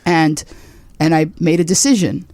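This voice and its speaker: Animated woman comedian in her sixties. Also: low voice, normal speed, no room sound. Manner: animated, acts out quoted people. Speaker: comedian guest. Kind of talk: storytelling in a podcast interview.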